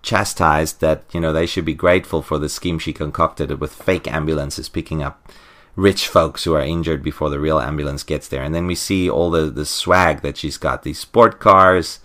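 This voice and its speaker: Deep-voiced man rambling through a comic recap. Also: steady tone, normal speed, a bit bright. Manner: rambling, full of fillers and restarts. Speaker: podcast co-host. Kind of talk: casual comic recap chat.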